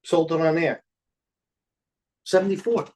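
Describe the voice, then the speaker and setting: An older man hosting a live trading stream, talking quickly and jumping between stock tickers, a little out of breath. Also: fairly high pitch, a little mellow. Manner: rapid, scattered, jumps between tickers. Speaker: trading show host. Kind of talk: live market commentary.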